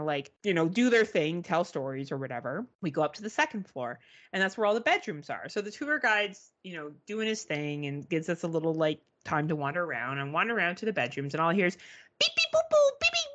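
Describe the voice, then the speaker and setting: A woman's voice: fairly low pitch, a bit bright, slight background noise. A woman co-hosting a podcast, telling a story in casual chat, swearing freely and mimicking beeping gadgets. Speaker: podcast co-host.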